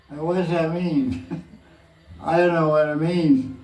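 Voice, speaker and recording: A man, a spiritual teacher, answers questions in a relaxed and chuckling way and quotes people in put-on voices. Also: fairly high pitch, normal speed. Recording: echoey room, mic from a distance, faint noise.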